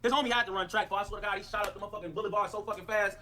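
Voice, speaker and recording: A man's voice: sits high, rapid-fire, a little hiss or hum. A man delivering a profane, repetitive livestream rant. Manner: animated, repetitive, cursing.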